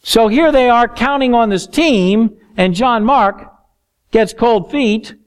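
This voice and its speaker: A man preaching a Bible study sermon, expressive, acting out the scripture quotes. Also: very high voice, slow, smooth.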